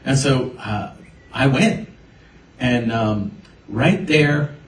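A man's voice: medium pitch, extremely slow, recorded from a distance. A man preaching a sermon, telling his own story and quoting the people in it. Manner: storytelling, animated quoting of others. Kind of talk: sermon with personal testimony. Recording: roomy echo, voice from afar.

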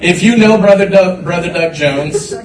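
A man delivers a lively sermon in a church, his slightly high voice carrying through an echoey sanctuary. He repeats his words and builds to bursts of shouting. He sounds set back from the microphone, with faint room noise around him. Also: normal speed, distant mic, a crowd in the background. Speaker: pastor.

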